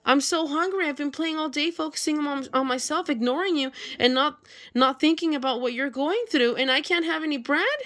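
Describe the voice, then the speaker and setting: A woman voicing lazy, selfish barnyard animals from a storybook in a high, whiny voice. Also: a little fast, fairly bright tone.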